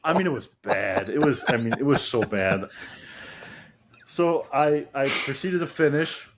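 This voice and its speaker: A man's voice: medium pitch, animated, unhurried, slight background noise. A man in casual chat, telling a self-mocking story in a laid-back way. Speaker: podcast guest, retired police detective and village president.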